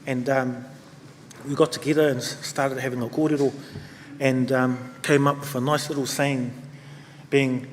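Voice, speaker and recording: A man's voice: medium pitch, moderate pace, long pauses, a little hiss or hum. Man with a New Zealand accent, echoey hall. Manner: relaxed, rambling, many fillers. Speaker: conference speaker. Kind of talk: speech to an audience. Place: conference hall.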